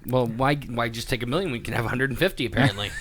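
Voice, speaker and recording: An American man with a mid-range voice races through a casual podcast chat, joking and laughing often as co-host and part owner. Background noise can be heard.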